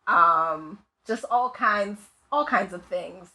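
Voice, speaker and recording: A woman guest, an autopsy technician, telling work stories in casual podcast chat, animated and full of "like" fillers. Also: mid-range voice, slow. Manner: animated, lots of "like" fillers, laughs often. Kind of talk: casual storytelling.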